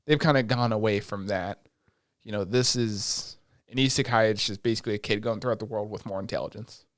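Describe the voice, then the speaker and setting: A man co-hosting a podcast, chatting casually and excitedly with plenty of swearing as he retells scenes. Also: fairly low pitch, a little fast, dry recording, clean studio sound. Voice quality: excitable, profane, retells scenes in quoted voices. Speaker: podcast co-host. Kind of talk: casual chat recapping an anime.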